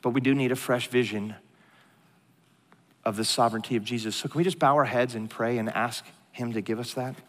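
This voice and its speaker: A middle-aged pastor preaching a sermon in a large church hall, an animated, joking storyteller who drops to a hushed tone for serious moments. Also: male voice, medium pitch, a little fast. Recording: long hall reverb.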